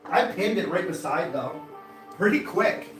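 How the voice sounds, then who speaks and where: A man with a high voice hosts a casual live stream, chatting to viewers and breaking into loud, excited exclamations. He sits well back from the mic in an echoey room, with music playing behind him. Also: measured pace, far from the mic. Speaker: live-stream host doing knife-throwing trick shots.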